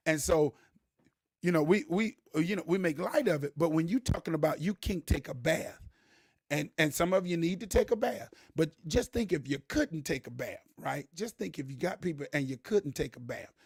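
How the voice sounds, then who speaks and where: A man with a high, husky voice talks straight to his viewers, animated and preachy. He repeats key words and raises his voice to drive a point home. The sound is dry and close. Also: normal speed, no echo. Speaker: host. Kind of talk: casual live-stream talk to viewers.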